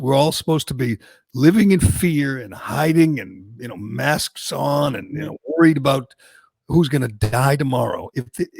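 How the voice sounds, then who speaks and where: A male talk radio host tears into his targets with a mocking, emphatic rant, stumbling and restarting as he goes. His voice has a gravelly fry to it, and the dry, close studio mic leaves no room sound at all. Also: mid-range voice, no echo.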